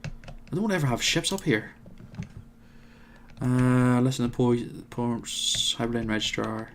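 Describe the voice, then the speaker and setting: A man's voice: mid-range voice, animated, measured pace, slight background noise. A man commentating his own strategy game, thinking aloud with plenty of hesitations and wry asides. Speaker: let's play host.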